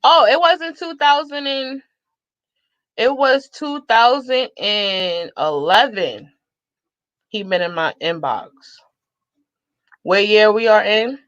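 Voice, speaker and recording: Sassy, bright-voiced woman in her thirties. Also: a little high, takes it slowly, long pauses, no room sound, muffled recording. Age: 30s. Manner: sassy, animated, laughs often. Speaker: vlogger. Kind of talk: casual storytelling to viewers.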